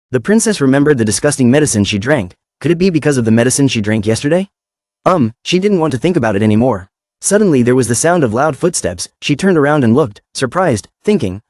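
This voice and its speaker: Man, story recap narrator, lively pitch, dry close sound, plain storytelling. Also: fast talker, no room sound.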